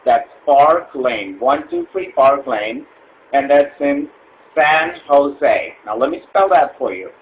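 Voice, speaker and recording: A man's voice: on the high side, big pitch swings, slow, muffled recording, slight background noise, full character voice. A man voicing an impatient, rude male customer in a comedy sketch, exasperated and blunt, spelling letters out insistently.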